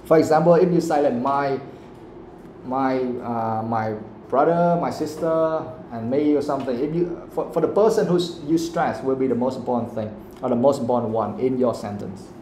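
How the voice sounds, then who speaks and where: Male English teacher, mellow. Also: medium pitch, normal speed, echoey room, slight background noise. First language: Vietnamese. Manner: explanatory, keeps checking with "okay?". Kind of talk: live classroom lesson. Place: classroom.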